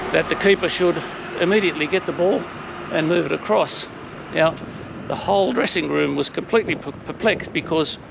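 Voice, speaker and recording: Gravelly man, middle-aged, anecdotal vlog walking-tour host, noisy outdoor sound. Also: on the high side. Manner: chatty, anecdotal, hesitant with fillers. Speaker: vlogger touring a stadium. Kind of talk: casual walking-tour commentary. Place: outdoors around a city stadium. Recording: noisy outdoor street recording.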